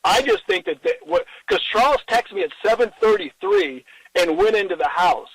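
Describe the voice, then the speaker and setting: A middle-aged man in an interview, telling a personal story in an earnest, halting way, with many restarts and quoted dialogue. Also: high-pitched, wildly swooping pitch, vocal fry, slightly rough, dry recording, rough recording.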